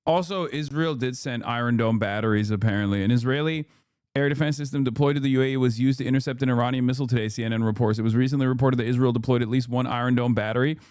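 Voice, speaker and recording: A man's voice: mid-range voice, racing, a little mellow, clear, resonant tone, no room sound, clean studio sound. A man in his thirties giving casual live-stream commentary on the news, ranting in a heated, sarcastic and profane way.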